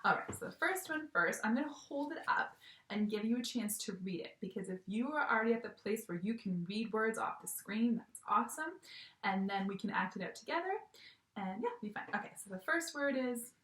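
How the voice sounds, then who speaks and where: A young woman gives a video lesson to young children from home. She is cheerful and animated, acting out each word as she says it. Her voice carries an echo from the room around her. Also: a little high, fairly quick. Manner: cheerful, animated, acts out words. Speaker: teacher.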